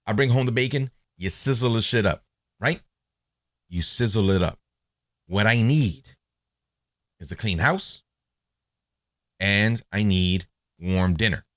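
A man's voice: medium pitch, no room sound, clean studio sound. A man hosting a podcast, talking in a blunt, profane, casual monologue. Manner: blunt, profane, animated storytelling. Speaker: podcast host.

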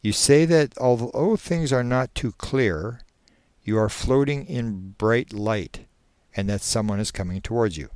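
A man doing a steady, reassuring hypnotherapist. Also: medium pitch, unhurried, dry recording, close to an everyday voice. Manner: steady, reassuring, at times forceful. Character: calm male hypnotherapist guiding a subject.

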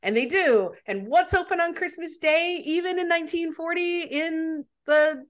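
A woman co-hosting a casual movie discussion podcast, animated and laughing often. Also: very high voice, moderate pace. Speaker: podcast co-host.

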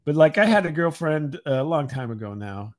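A man co-hosting a podcast, speaking haltingly with many fillers and dry wit. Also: on the high side, animated, slight background noise. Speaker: podcast co-host. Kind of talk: casual chat.

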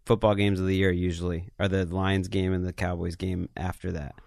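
A man with a very deep voice rambles through a casual podcast chat, earnest and full of fillers. His voice sits close and dry, with no room sound. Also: little pitch movement, a little fast, creaky, a little mellow, no echo. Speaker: podcast co-host, football analyst.

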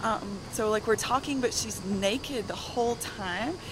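A soft-spoken woman with a Southern accent telling a story while walking on a gym treadmill. She is out of breath and laughs between sentences. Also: on the high side, measured pace. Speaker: guest. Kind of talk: casual storytelling. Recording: loud gym noise behind.

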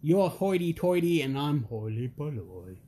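A man's voice: a little high, a little slow, breathy edge. A middle-aged man as a podcast guest, telling family stories in a casual, joking way and acting out the voices in them. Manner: animated storyteller, acts out quotes, jokey. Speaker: interview guest.

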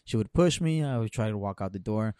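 A man's voice: lowish voice, expressive, a little fast, dark tone, clear, resonant tone, dry recording, clean studio sound. Rambling young man telling a story. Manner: rambling storyteller with many fillers and swearing. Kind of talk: casual podcast chat.

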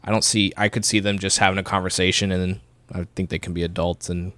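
Podcast co-host, young man, low pitch, rambling casual delivery. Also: little pitch movement, fast, fairly bright tone, no room sound. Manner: rambling, filler-heavy, acts out quotes.

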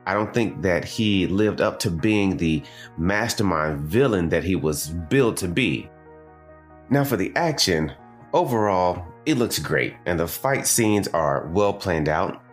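A Southern American man hosts a casual review show in a low voice. He swings his pitch around a lot as he chats and drifts into tangents. Soft music plays faintly behind him. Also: expressive, a little slow. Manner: conversational, with digressions and asides to the audience. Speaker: anime reviewer and podcast host.

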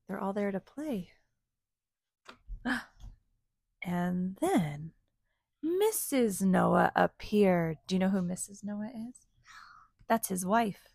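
A woman reading a picture book aloud to children, animated and asking them to join in with sounds. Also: mid-range voice, takes it slowly, gravelly, long pauses, no echo, clean studio sound.

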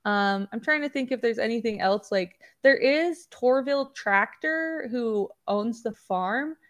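A young woman chats casually as a podcast co-host, her voice sitting a bit high. She giggles often between phrases and keeps the talk loose and rambling. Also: measured pace, a bit bright. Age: young adult. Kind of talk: casual chat.

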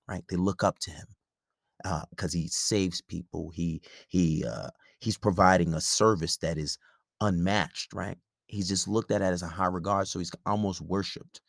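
A man's voice: deep voice, creaky, no echo, clean studio sound. A man hosting a podcast, giving relationship advice in a blunt, profane, rambling casual monologue.

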